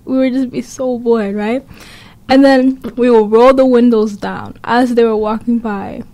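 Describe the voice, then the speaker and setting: A woman's voice: a little high, steady tone, unhurried, mellow. A young woman telling stories in casual chat, rambling and giggly.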